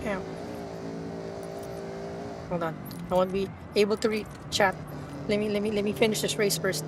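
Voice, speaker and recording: A young woman streaming a driving game, excitable and swearing, laughing and talking to her chat. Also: medium pitch, normal speed, noisy background. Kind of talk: casual live-stream chat while gaming.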